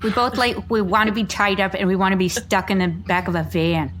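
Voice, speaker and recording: A woman's voice: mid-range voice, fairly even intonation, brisk, fairly bright tone, a little hiss or hum. A woman playing an eager kid in an improvised comedy scene, stammering as she talks.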